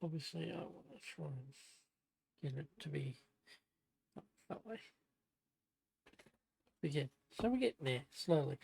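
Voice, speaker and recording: A woman live-streaming at home, murmuring quietly to herself as she builds. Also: low voice, animated, a little slow, vocal fry, long pauses, breathy edge. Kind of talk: casual live-stream commentary. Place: home room.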